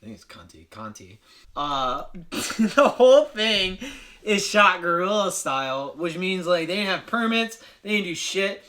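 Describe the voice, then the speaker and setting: A man's voice: high voice, animated, moderate pace, hardly any pauses, sharp tone. A young man recapping a movie comedically, rambling and swearing with lots of filler words.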